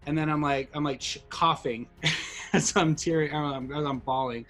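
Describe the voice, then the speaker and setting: A man's voice: a little high, fairly even intonation, moderate pace, fairly bright tone. A middle-aged man with a slightly raised voice chats casually on a podcast, rambling and heartfelt, often restarting his sentences. Faint music plays underneath. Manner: rambling and emotional, many restarts. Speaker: podcast co-host.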